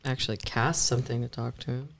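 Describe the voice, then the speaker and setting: A woman's voice: extremely low pitch, steady tone, quick pace, vocal fry, a crowd in the background. A woman playing a tabletop game, chatting and teasing in a casual way.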